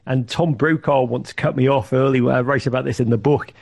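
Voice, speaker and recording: A middle-aged man giving an animated interview, full of restarts and acted-out quotes. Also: mid-range voice, a little fast, vocal fry. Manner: animated, acts out quoted voices, many restarts. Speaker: podcast network founder, guest. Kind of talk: conversational interview storytelling.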